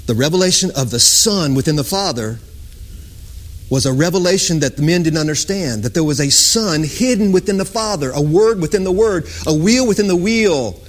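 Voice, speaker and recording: A man preaching a sermon with passion, sometimes chanting lines and sometimes dropping to a hushed whisper. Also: on the high side. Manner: impassioned, swings from loud sung-out lines to hushed whispers.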